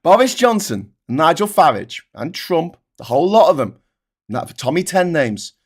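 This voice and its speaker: A man's voice: a little high, very animated, moderate pace, breathy edge. A man hosting a political livestream, ranting angrily and sarcastically with plenty of swearing.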